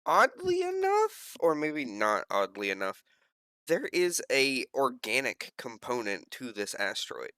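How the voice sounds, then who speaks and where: A game master narrating a sci-fi tabletop session, rambling and correcting themself as they go. The voice is lively and bright, smooth and clear, close and dry on the mic. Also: mid-range voice, a little slow, dry recording. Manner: rambling, many fillers, self-correcting.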